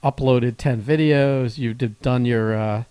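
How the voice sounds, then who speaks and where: A man's voice: mid-range voice, steady tone, a little slow, mellow, clear, resonant tone, no room sound. A man co-hosting a podcast, teasing his friend and explaining things at length. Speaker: podcast co-host. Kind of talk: casual podcast chat.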